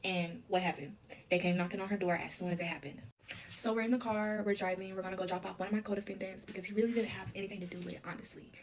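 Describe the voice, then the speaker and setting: A woman's voice: mid-range voice, steady tone. A woman recounting her own past in a casual storytime confession, talking emotionally with lots of "like". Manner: rapid, emotional retelling full of "like".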